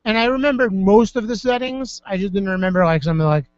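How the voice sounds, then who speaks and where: A man with a high voice rambles through a casual, profane chat as co-host. The sound is dull and lo-fi, and the room is dry. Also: quick pace, no room sound. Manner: rambling, profane, filler-heavy. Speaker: podcast co-host. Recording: dull, lo-fi dry studio audio.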